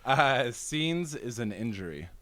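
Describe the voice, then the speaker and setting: A man's voice: mid-range voice, big pitch swings, takes it slowly, fairly bright tone, no echo. A man co-hosting a podcast, chatting casually over a card game, hesitant and laid-back. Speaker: podcast co-host.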